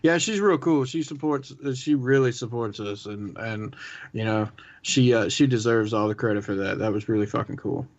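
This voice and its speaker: A man's voice: fairly low pitch, moderate pace. A man co-hosting a podcast in casual chat, laid-back and slangy with crude jokes. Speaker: podcast co-host. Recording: dull lo-fi audio.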